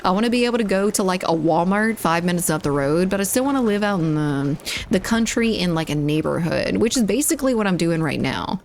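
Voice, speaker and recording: Woman game streamer, low-ish voice, rambling casual chat, quick asides to the game. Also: expressive, a little hiss or hum. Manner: rambling, chatty, reacts to the game and chat mid-sentence. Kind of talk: casual chat while gaming.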